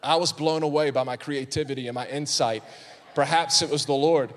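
A man's voice: on the high side, steady tone, brisk. Fervent preaching man, long church reverb. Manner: storytelling, rising to fervent shouts. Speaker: pastor. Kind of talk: sermon. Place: church sanctuary.

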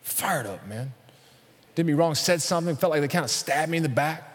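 A male pastor delivering a sermon in a big church hall, his voice ringing out with a long reverb tail. He speaks in a fairly high register and keeps calling out to the congregation. His delivery builds into loud, emphatic peaks. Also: a little fast. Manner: preaching with rising intensity, calling out to the congregation.

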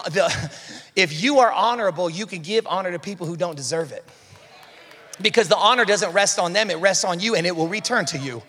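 A man preaching a sermon as pastor, fervent and animated, acting out voices and calling out to his congregation. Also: high-pitched. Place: large church hall. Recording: long reverb of a large hall.

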